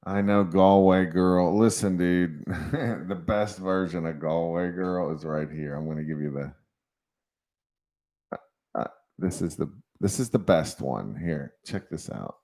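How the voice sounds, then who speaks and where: A man's voice: sits low, dark tone. A man hosting a casual livestream, rambling and chatty and often laughing as he talks. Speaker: livestream host.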